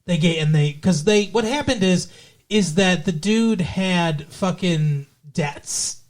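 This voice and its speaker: Casual swearing man reviewing a movie. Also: high voice. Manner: swears freely, retells scenes with quick impressions. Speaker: podcast co-host.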